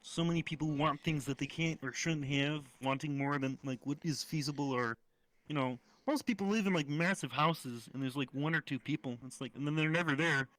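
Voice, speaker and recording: Brief: male guest, somewhat high, sharp bright voice, relaxed answers. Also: brisk, dry recording, low-quality recording. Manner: laid-back, easily amused answers. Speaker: guest voice impressionist. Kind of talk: casual chat.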